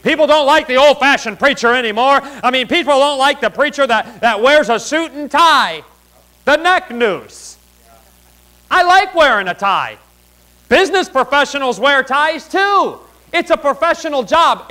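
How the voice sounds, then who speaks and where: A preacher with a high, bright, ringing voice. He drives his points hard, then suddenly drops to a hush for asides before climbing again. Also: expressive, normal speed, poor audio. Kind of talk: sermon.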